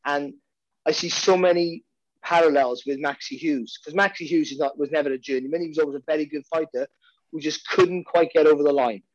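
A man's voice: fairly high pitch, steady tone, a little fast, no room sound, lo-fi sound. A man with a Welsh accent, a boxing commentator chatting casually and restarting his sentences often. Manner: rambling, many restarts and repeated words. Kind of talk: casual podcast chat.

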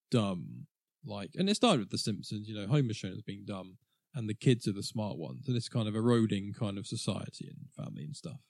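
A man's voice: on the low side, darkish tone, dry recording, studio quality. A man co-hosting a podcast, chatting casually and rambling about a film, laughing often. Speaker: podcast co-host. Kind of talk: casual film review chat.

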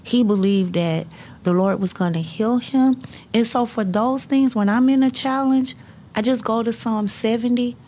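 A middle-aged woman, a high school counselor, telling personal stories in an earnest, faith-filled way and breaking into laughter. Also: normal speed, dark tone, slight background noise. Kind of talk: personal storytelling in conversation.

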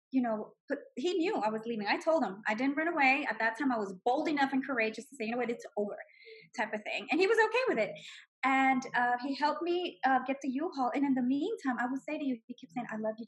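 Husky woman telling her story. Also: high-pitched, fairly quick, low-quality recording. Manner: heartfelt, animated storytelling with laughs. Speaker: guest sharing her story. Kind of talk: emotional personal testimony.

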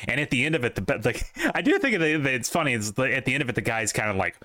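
A man's voice: medium pitch, very animated, quick pace, bright, forceful tone, dry recording, clean studio sound. A man co-hosting a casual gaming podcast, rambling with lots of fillers and restarts. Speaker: podcast co-host. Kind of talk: casual chat.

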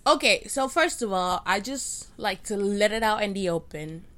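A woman's voice: mid-range voice, lively intonation, normal speed, fairly bright tone. A young woman hosting a casual solo podcast, rambling and self-deprecating as she restarts her sentences, recorded on a cheap microphone at home. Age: young adult. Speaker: podcast host. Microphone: cheap USB microphone.

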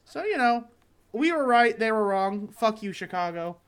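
A young man from Michigan co-hosting a comedy podcast, telling a long, profane, rambling story with lots of restarts. He sounds tired, and his voice has not warmed up yet. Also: high-pitched, lively intonation, moderate pace, smooth. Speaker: podcast co-host. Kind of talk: casual comedic chat.

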